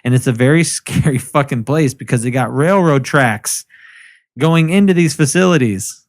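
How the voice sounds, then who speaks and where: A man's voice: mid-range voice, moderate pace. A man co-hosting a podcast in casual chat, ranting with lots of swearing. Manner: profane, animated ranting. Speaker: podcast co-host.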